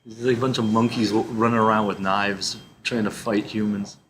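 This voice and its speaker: A man's voice: fairly low pitch, steady tone, moderate pace, a bit bright, a little hiss or hum, poor audio. A man reacting to videos in a rambling, incredulous way, swearing often and trailing off into laughs. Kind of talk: rambling casual reaction commentary.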